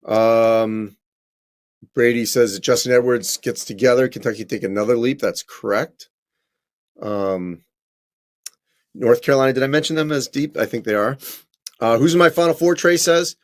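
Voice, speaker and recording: A college basketball correspondent answers viewer questions on a live stream, speaking conversationally with frequent ums and quick self-corrections. His voice is mid-range.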